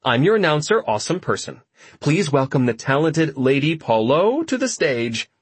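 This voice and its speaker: A man's voice: fairly high pitch, sing-song, normal speed, breathy edge, no room sound, pitched above the performer's own voice. A man voicing a brash young woman who acts as a showy party announcer, in an audiobook. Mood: announcing.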